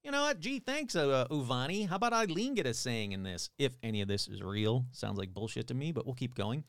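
A man's voice: mid-range voice, lively intonation, fairly quick, no echo, clean studio sound. A man casually retelling a strange tale, with sarcastic, irreverent asides and the odd swear. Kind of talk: casual storytelling narration.

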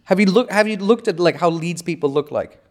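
A man's voice: high-pitched, expressive, brisk. A man hosting a casual podcast chat, blunt and mocking, with frequent swearing. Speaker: podcast host.

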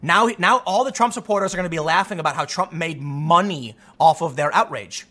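A young man hosting an opinionated commentary monologue, animated and sarcastic, often mocking people with put-on voices. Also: a little high, fairly quick. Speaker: commentary show host.

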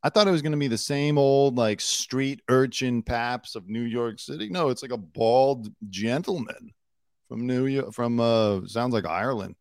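A man reacts to footage in a chatty, offhand way and speeds up in short bursts. His pitch is ordinary and the sound is dry and close. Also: moderate pace, a little mellow, dry recording. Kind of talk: casual commentary over video clips.

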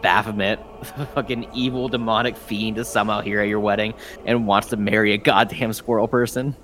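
Low-voiced casual game master. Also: male voice, level tone, a little fast, a bit bright. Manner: casual, rambling, profane narration with many fillers. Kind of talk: narrating a tabletop game.

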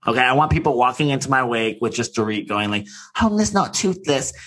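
A man's voice: medium pitch, fast talker, background noise. A man co-hosting a podcast in casual chat, gossipy and full of filler words. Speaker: podcast co-host.

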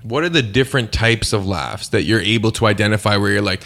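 A man's voice: lowish voice, fast, vocal fry, a bit bright. A man hosting a casual podcast interview, asking hesitant, filler-laden questions and backchanneling often. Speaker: podcast host.

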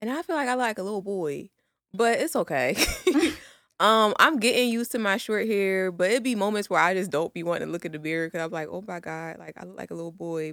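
A woman's voice: lowish voice, fairly bright tone, dry recording, clean studio sound. A woman in her twenties co-hosting a podcast, chatting loosely with slangy asides and laughs. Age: 20s. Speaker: podcast co-host. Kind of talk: casual chat.

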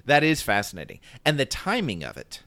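A man in a casual Bible discussion, animated and quick to laugh, often acting out little quotes. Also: mid-range voice, vocal fry, no echo.

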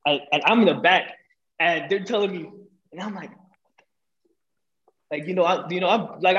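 Animated young man telling a story. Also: high-pitched, measured pace, long pauses. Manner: animated, swearing, acts out quotes. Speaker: podcast guest. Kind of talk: casual storytelling. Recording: dull lo-fi audio.

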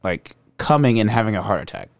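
A man's voice: fairly low pitch, a little fast, gravelly. A young man co-hosting a podcast, a rowdy casual chat full of swearing and laughter. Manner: loud, laughing, swearing, animated. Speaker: podcast co-host. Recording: noisy room recording.

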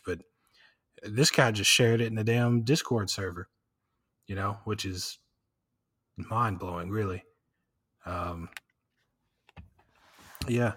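Podcast host, man, Southern country accent, lowish voice, drawling and rambling, casual and profane. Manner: drawling, rambling, laid-back, swears casually.

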